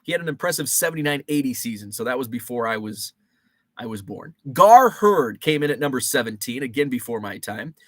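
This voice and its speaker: Chatty man with a lively, animated voice. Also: medium pitch, brisk, dry recording. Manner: chatty, thinks aloud with fillers and restarts. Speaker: show host. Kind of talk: casual rambling monologue. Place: home basement.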